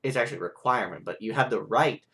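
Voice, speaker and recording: A man's voice: medium pitch, racing, bright, forceful tone. Rambling, frustrated young man. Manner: rambling, frustrated, full of "like" and "right?". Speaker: vlogger. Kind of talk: ranting monologue.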